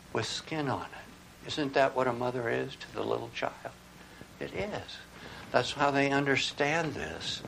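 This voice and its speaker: Male preacher, emphatic sermon delivery, lowish voice, faint background noise. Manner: emphatic, with rhetorical questions.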